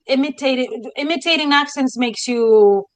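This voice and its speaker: Animated woman, dry sound. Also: high voice, moderate pace, no room sound, low-quality recording. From Spain. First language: Spanish. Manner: dramatic, theatrical, animated. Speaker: historian co-host. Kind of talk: casual podcast conversation.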